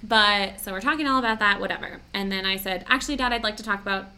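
A woman's voice: medium pitch, fast talker, pushed and bright. A young woman hosting a podcast, telling a personal story in a chatty, emotional way full of "like". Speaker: podcast host. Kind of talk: casual podcast chat.

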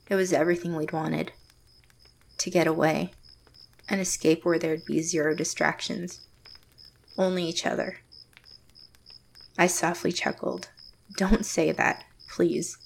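An actress playing a closed-off, reserved young woman, narrating her story in first person in a quiet, measured way. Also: lowish voice, flat delivery, vocal fry, a little hiss or hum. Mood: guarded. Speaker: narrator and lead character.

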